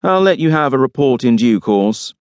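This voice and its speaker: A man's voice: mid-range voice, expressive, moderate pace, dry recording, voice pushed up, close to an everyday voice. A man voicing a cynical, urbane middle-aged pathologist, dry and matter-of-fact.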